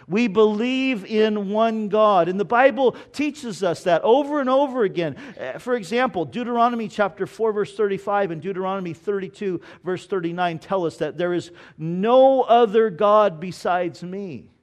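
A male pastor preaching a sermon. He often repeats words as he tells a story and slows down to read scripture with emphasis. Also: high-pitched. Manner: repeats words while telling stories, slow emphatic scripture reading.

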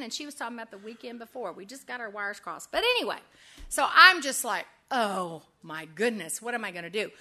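High, bright-voiced woman telling funny stories. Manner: animated storyteller, laughs often. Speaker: women's ministry speaker. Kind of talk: humorous testimony talk to an audience.

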